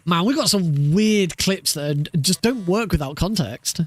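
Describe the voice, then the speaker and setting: A man's voice: sits high, expressive, measured pace. A man streaming a speedrun practice, chatting casually with viewers, laughing often and swearing freely. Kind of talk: casual live-stream chat.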